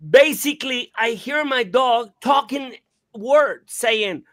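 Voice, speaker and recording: A man hosting a radio talk show, telling a story in an animated, casual way, swearing and imitating sounds. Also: extremely high pitch, slow.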